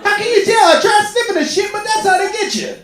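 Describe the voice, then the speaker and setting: A comedian doing a lonely, divorced old man who rambles and yells out whatever comes to mind, in a high, strained voice. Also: fast talker. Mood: yelling. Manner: rambling, blurting. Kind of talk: stand-up comedy bit. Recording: echoey club with crowd laughter.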